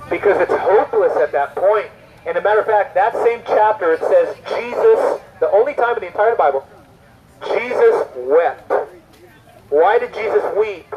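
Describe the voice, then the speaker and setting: High-voiced man preaching emphatically. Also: expressive, moderate pace, highs cut off. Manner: emphatic, full of rhetorical questions. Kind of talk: evangelistic preaching.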